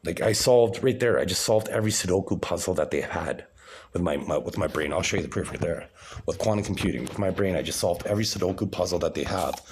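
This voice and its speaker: A man with a very low voice delivers a loose, grandiose vlog monologue. He circles back on himself, restarting lines and repeating words, while a faint background hiss sits under the recording. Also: fast talker, darkish tone.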